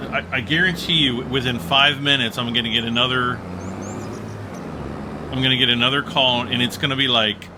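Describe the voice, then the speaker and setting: A man hosting a farming game video, chatting casually and thinking out loud as he plays. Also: medium pitch, steady tone, normal speed, noisy background. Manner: chatty, thinking aloud while playing. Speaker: gaming channel host. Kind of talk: casual gameplay commentary.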